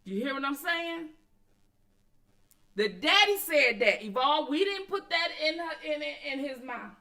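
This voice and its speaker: A high, bright woman, hosting a commentary stream. She talks in blunt, profane bursts and answers her chat directly. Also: lively intonation, measured pace. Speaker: commentary channel host. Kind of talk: casual commentary, addressing viewers and chat.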